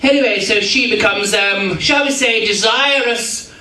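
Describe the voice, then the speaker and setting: A man's voice: high voice, measured pace, bright, forceful tone. A man doing comic stage patter, teasing and chatting with his audience in a hall. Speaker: entertainer. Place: function hall with a live audience. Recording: roomy hall recording from a distance with crowd.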